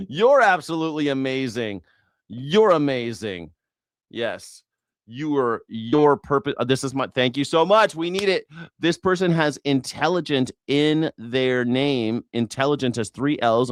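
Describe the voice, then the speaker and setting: A man's voice: medium pitch, measured pace, no room sound, clean studio sound. Sarcastic, profane man hosting a livestream. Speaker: host. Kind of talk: livestream news reaction.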